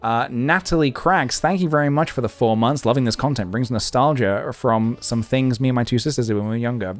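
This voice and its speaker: A man's voice: mid-range voice, fairly quick, soft background music. Rambling young man streaming. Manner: rambling, thinking aloud, many fillers. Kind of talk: casual live-stream chat.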